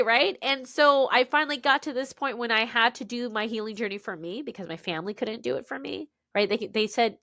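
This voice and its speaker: A woman's voice: on the high side, a little fast, few pauses, dry recording, studio quality. A woman author as a podcast guest, telling her story candidly and animatedly, often tagging lines with "right?". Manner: animated, peppers speech with "right?" and "dude".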